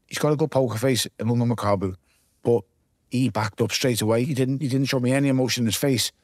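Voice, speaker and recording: Guest: low-voiced man with a Liverpool accent, vivid swearing storyteller, dry close sound. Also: no echo. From Liverpool, England. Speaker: guest, former boxer. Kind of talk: casual podcast interview.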